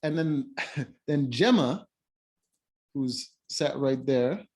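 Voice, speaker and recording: A man's voice: mid-range voice, animated, drawn-out words, darkish tone. A man recapping a reality-show episode in casual chat, rambling with lots of fillers and restarts and blunt asides. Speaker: show reviewer.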